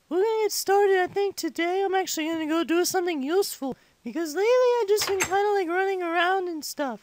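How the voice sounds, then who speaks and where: A man voicing an excitable five-year-old boy who rambles through a comedic let's-play commentary. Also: extremely high pitch.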